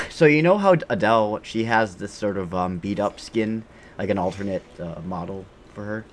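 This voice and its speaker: Male streamer, very deep voice, rambling offhand commentary while he plays. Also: expressive, normal speed, a bit bright. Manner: rambling, offhand, thinks aloud with frequent fillers. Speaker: game streamer. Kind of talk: casual live-stream game commentary.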